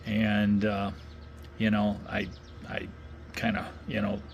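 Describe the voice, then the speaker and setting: A man's voice: fairly low pitch, monotone, slow, muffled recording, slight background noise. Rambling man telling a long story. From Wisconsin. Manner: rambling, many fillers and restarts. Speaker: vlogger. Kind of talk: casual storytelling.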